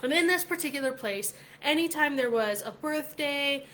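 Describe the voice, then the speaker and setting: A chatty middle-aged woman tells a story straight to her viewers, scattering "like" through her sentences. Her voice sits a little high. A faint hiss runs under her talk. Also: moderate pace. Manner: chatty, animated, many "like" fillers. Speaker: vlog host. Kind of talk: casual storytelling vlog.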